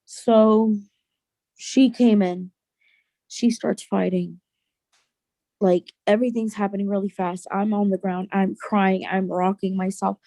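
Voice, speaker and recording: A young woman tells her personal story as a guest on an interview podcast. She speaks in an earnest, halting way and often restarts her sentences. Her voice has a gravelly fry and a dark, mellow tone, recorded dry and close. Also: mid-range voice, little pitch movement, dry recording.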